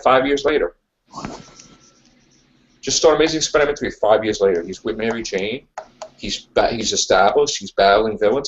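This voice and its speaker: A man's voice: on the low side, dull audio. A man hosting a casual podcast chat, ranting emphatically and repeating his points. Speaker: podcast host.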